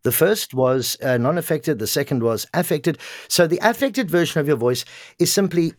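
A man's voice: a little high, animated, normal speed, dry recording, clean studio sound. A man who coaches voiceover, talking animatedly in a casual interview and slipping into example voices.

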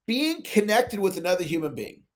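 A high-voiced man running a motivational video call talks at normal speed. The sales coach and host brings stories to life by acting out both parties in his conversations.

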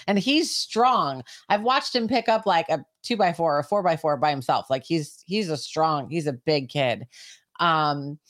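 A woman's voice: sits low, unhurried, no room sound, studio quality. A middle-aged woman co-hosting a podcast, chatting casually and laughing as she tells a family story. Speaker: podcast co-host. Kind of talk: casual chat.

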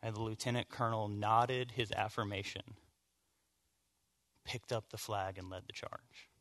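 A man from the American South preaching a conversational sermon, moving from hushed storytelling to emphatic points. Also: fairly low pitch, fairly even intonation, measured pace. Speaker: pastor.

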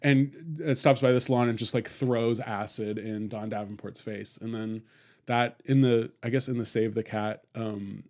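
A man's voice: medium pitch, fairly even intonation, normal speed, a little mellow. Laid-back chatty man. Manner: rambling, laughs often, many fillers and restarts. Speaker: podcast host. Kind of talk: casual film discussion.

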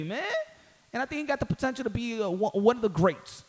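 Emphatic high-voiced man talking boxing. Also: quick pace, a little hiss or hum. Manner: emphatic, slangy, repeats phrases for stress. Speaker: boxing commentator. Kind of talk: casual solo commentary.

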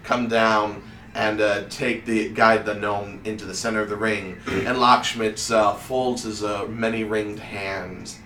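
Slow-talking bright-voiced game master. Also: male voice, on the low side, fairly even intonation. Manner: unhurried, full of fillers. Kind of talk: narrating a tabletop game. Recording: echoey room, distant mic, faint noise.

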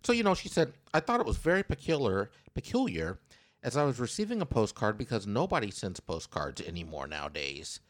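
A lively male podcast host with a fairly low voice that swings widely in pitch. He reads out a news story and jokes with his co-host, his delivery playful and teasing. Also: a little fast, dry recording, studio quality. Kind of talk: casual podcast chat, reading a news story.

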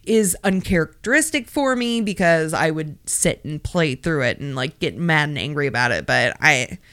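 Podcast co-host, female, casual and brash, swears a lot; smooth tone, slightly low, dry booth sound. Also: lively intonation, normal speed, fairly bright tone, no echo. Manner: swears freely, storytelling with sassy asides. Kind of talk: casual chat.

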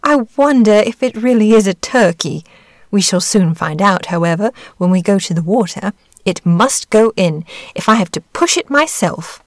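A woman's voice: mid-range voice, animated, moderate pace, no echo, clean studio sound, lightly acted. A woman voicing a fussy, proud mother duck in a storybook reading, motherly and fretful. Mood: fussing.

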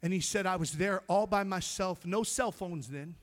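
A male pastor preaching a sermon, telling stories and swinging from hushed tones to loud, shouting climaxes. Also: high voice, moderate pace. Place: church sanctuary.

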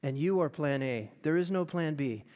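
A man preaching a sermon, animated and acting out quoted voices. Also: on the high side, normal speed. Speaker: pastor.

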